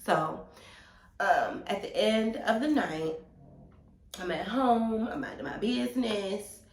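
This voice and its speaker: A young woman telling a storytime to her viewers in an animated, slangy way. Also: mid-range voice, takes it slowly, echoey room. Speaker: vlogger. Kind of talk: storytime vlog.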